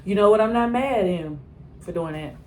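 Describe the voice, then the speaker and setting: A woman in casual reaction commentary on a TV episode, animated and exasperated, talking back to the characters, with features. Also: mid-range voice, brisk, slight background noise. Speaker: TV reaction reviewer.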